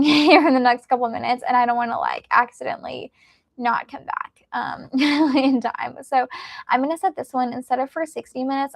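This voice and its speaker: A woman's voice: sits high, creaky. A woman hosting a casual reading live stream from home, chatting in a rambling way with lots of fillers and little laughs. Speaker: book streamer host.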